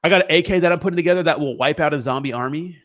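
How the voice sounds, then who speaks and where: A man's voice: on the high side, very fast. A young man hosting a crypto livestream, chatting casually with viewers in a rambling, profane, joking way.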